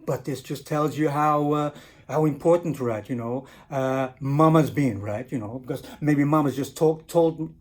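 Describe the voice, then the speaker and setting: Husky man musing over a picture book. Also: on the high side, measured pace, darkish tone. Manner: casual and musing, with constant "right?" and "you know". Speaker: storyteller and teacher. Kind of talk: reading a picture book aloud and discussing its illustrations.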